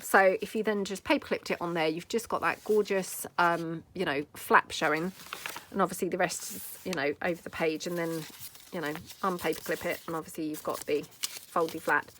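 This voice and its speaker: A woman's voice: fairly low pitch, steady tone, normal speed, a bit bright, a little hiss or hum. A woman hosting a casual craft tutorial, rambling and chatty with lots of filler asides as she works at her craft table. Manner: rambling, full of "you know" fillers, friendly asides.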